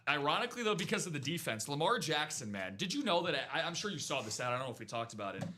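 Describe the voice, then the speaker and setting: A man's voice: a little high, big pitch swings, rapid-fire, pushed and bright, slight background noise. Upbeat man hosting a card break. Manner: upbeat, hyping deals to viewers. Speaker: host of a live card break stream. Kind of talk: casual sports chat and sales pitch.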